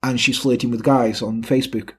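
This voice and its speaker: A man's voice: mid-range voice, fairly quick, husky. A man casually retelling a true-crime story on a podcast, swearing and quoting the people involved. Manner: swearing, animated retelling with quoted voices. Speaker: podcast co-host.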